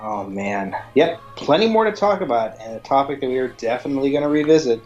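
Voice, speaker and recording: A male podcast co-host in casual chat, chiming in with quick reactions and jokes. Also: medium pitch, expressive, darkish tone, muffled recording, faint music behind.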